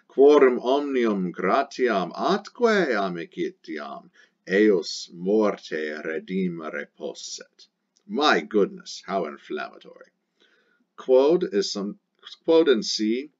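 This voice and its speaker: A man's voice: deep voice, lo-fi sound. A man teaching a Latin lesson, explaining step by step with frequent hesitations and sudden bursts of emphasis.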